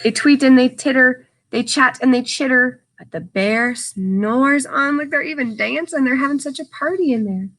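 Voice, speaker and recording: Reading a picture book to children, a woman pauses to explain words simply and throws in lively asides and sound effects. Her voice sits high, and she moves briskly with hardly any pauses.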